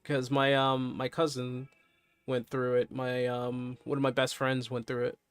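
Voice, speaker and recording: Guy streaming from home, just chatting, kinda low-key and candid, desk mic, some quiet music behind him. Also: monotone, measured pace, smooth, no echo. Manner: candid, subdued, reacting to news and chat. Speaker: live streamer. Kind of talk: casual live-stream chat.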